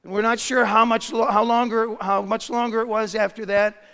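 High-voiced preacher in a reverberant hall. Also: male voice, flat delivery, moderate pace, smooth. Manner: dramatic retelling with shifts between hushed and shouted lines. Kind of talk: sermon storytelling.

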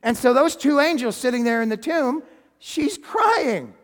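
Pastor, man, high-pitched, storytelling sermon with long hall reverb, swings from loud to hushed. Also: a little slow. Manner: animated storytelling, drops to a near-whisper for emphasis; chuckles and restarts sentences.

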